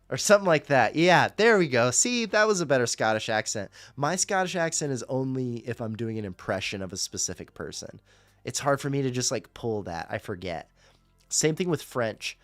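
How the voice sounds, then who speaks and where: A man's voice: mid-range voice, lively intonation, moderate pace, fairly bright tone, clean tone, no room sound, soft background music. A man hosting a fan radio show, chatting casually on a livestream in a rambling, profane and jokey way.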